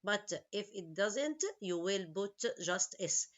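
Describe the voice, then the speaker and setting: A woman's voice: medium pitch, animated. A woman teaching English at an easy, patient pace, checking understanding with repeated questions. Her English is non-native, with small grammar slips and an Arabic-speaking background. The recording sounds a little dull and lo-fi. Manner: slow, explains each word and asks questions. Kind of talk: online English lesson.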